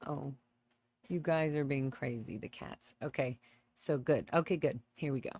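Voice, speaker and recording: A woman's voice: a bass voice, moderate pace, darkish tone. A woman hosting a casual livestream from home on a close microphone, chatting and greeting viewers by name. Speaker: livestream host. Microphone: close desk microphone.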